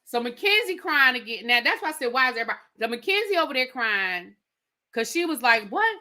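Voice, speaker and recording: A woman reviewing a reality show in a casual, animated and sassy recap, talking straight to her viewers. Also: a little high, a little fast. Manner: animated, sassy, emphatic, addresses viewers directly.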